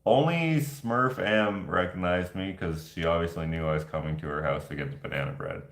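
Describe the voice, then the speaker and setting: A man's voice: low voice, moderate pace, a bit bright. A man vlogging and answering viewer questions in casual chat, rambling and jokey, laughing easily. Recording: echoey room.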